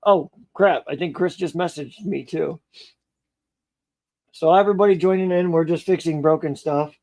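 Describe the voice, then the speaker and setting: A man's voice: a little high, normal speed, a little mellow, poor audio. A man chatting casually on a live stream while he repairs a model car, rambling, joking and muttering to himself as he works.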